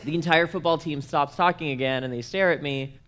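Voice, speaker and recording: A man's voice: on the high side, brisk, a bit bright. A young man, speaking at a workshop and telling comic personal stories in a playful, self-mocking way, acting out the dialogue.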